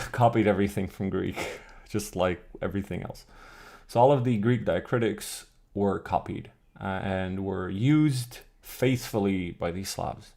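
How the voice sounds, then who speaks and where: Mid-range in pitch with vocal fry and a darkish tone, this streamer walks viewers through an old alphabet book. He works things out aloud, fixes his sentences partway through, and responds to questions he reads from chat.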